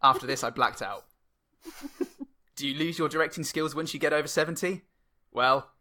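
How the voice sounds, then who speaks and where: A man co-hosting a podcast, telling dry, deadpan jokes and laughing often in casual film talk. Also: fairly high pitch, normal speed, a little hiss or hum. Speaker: podcast co-host. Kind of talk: casual film-review chat.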